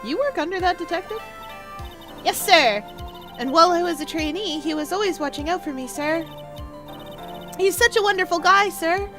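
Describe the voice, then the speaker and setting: A flustered young woman on trial in a courtroom video game, voiced by a woman streamer. She pleads in a soft, earnest manner. Faint music sits behind her. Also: very high-pitched, normal speed, long pauses. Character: flustered young female defendant.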